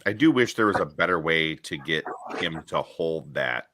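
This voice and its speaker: A man's voice: very deep voice, lively intonation, moderate pace, sharp tone. A laid-back man in a casual toy chat, making short dry remarks. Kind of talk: casual chat while opening toys.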